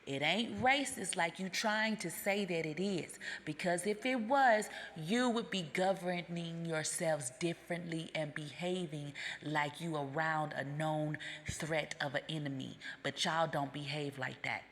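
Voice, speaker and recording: A woman's voice: sits low, measured pace, hardly any pauses, slight background noise. An American woman delivering a confrontational, emphatic, profane monologue straight to her viewers. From United States. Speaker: vlogger. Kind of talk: ranting monologue. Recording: long reverb.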